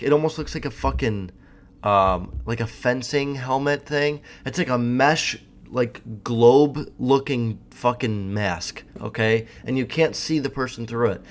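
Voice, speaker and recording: A young man telling rambling personal stories straight to camera, swearing often and restarting his sentences. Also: medium pitch. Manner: rambling, profane, frequent fillers and restarts. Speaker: vlogger. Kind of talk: casual storytelling monologue.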